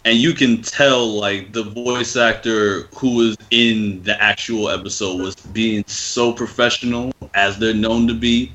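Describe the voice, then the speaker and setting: A man's voice: fairly low pitch, steady tone, unhurried, few pauses, a bit bright, rough recording. A man in a casual chat, adding laid-back comments and short agreements about an anime. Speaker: podcast co-host.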